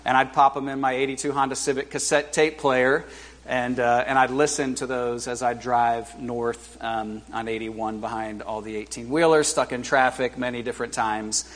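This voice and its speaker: A man in his forties preaching as a guest speaker to a church congregation, in a conversational, halting way with lots of fillers and self-deprecating humor. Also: mid-range voice, a bit bright. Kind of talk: informal sermon. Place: church service before a congregation.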